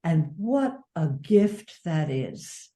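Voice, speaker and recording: An older woman author speaking in an interview, earnest and measured. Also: low voice, very animated, dark tone. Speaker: author and advocate. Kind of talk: interview conversation.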